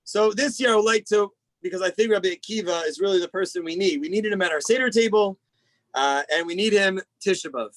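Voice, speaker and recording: A man, a rabbi, giving an animated sermon over a video call, telling stories and acting out the people in them. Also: fairly quick, dry recording, low-quality recording. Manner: animated storytelling, acts out quoted rabbis with big pitch jumps. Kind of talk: Tisha B'Av sermon.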